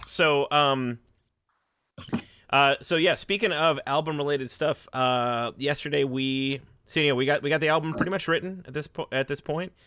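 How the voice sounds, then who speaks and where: A man's voice: on the high side, moderate pace, pushed and bright, clear, resonant tone, no echo. A man hosting a casual livestream podcast over a video call, chatty, with frequent laughs and restarts.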